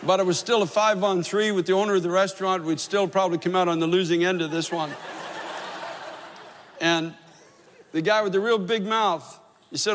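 A man's voice: high voice, fairly quick, fairly bright tone, a faint crowd, slight background noise. A man preaching a sermon as pastor, telling a story in an earnest, emphatic way. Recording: long hall reverb.

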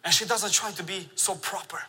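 Bright-voiced man preaching in a hall. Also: high-pitched, a little fast, slightly rough. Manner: animated storytelling with laughs. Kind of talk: sermon. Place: large church sanctuary. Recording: long reverb of a large church hall.

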